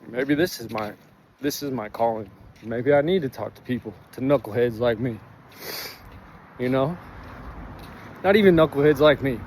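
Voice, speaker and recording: A man speaks openly and with deep feeling in a personal vlog recorded outside. His talk is loose and heartfelt, full of fillers and casual swearing. A faint noise sits behind his voice. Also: darkish tone. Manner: candid, heartfelt, swears freely, many fillers. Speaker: vlogger sharing his recovery. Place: outdoors in sun and breeze.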